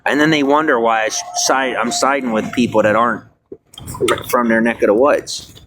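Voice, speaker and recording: Man, angry, ranting, swearing, repetitive, bright forceful voice, outdoors at night. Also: medium pitch, fairly even intonation, moderate pace, a little hiss or hum. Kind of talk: angry monologue. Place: outdoors at night by a bus bench.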